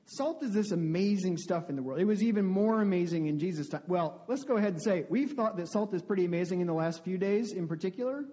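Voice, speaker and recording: A man's voice: high voice, lively intonation, fast talker, few pauses, dark tone. A male pastor giving a conversational sermon, often asking the congregation questions. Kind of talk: interactive sermon.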